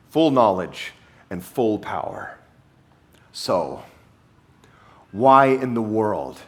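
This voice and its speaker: A man preaching a sermon as pastor, reading scripture aloud and then driving points home by repeating key phrases with emphasis. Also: on the high side.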